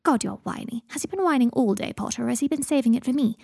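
A woman voicing a bossy, sharp-tongued young witch, brisk and scolding. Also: a little high, expressive, creaky, husky, dry recording, clean studio sound, pitched above the performer's own voice, exaggerated voice.

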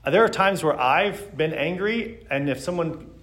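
A man's voice: on the high side, lively intonation, a little slow, a bit bright. A man giving a church Sunday school lesson, speaking earnestly and reading scripture aloud with emphasis.

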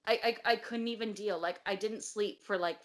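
A woman's voice: medium pitch, normal speed. A woman in casual chat, telling her story animatedly with lots of filler words and some swearing. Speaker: guest telling a ghost story.

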